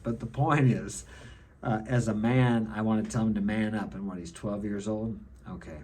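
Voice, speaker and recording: A man's voice: lowish voice, moderate pace, darkish tone, slight background noise. A middle-aged man giving an opinionated monologue to camera, lecturing and often ending his points with a checking "okay?". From United States. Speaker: self-help vlogger.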